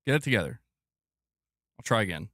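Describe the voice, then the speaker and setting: A man's voice: fairly low pitch, very animated, a little fast, sharp tone, no echo, clean studio sound. A man hosting a casual gaming news show, joking and self-mocking as he reads. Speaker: host of a gaming news channel.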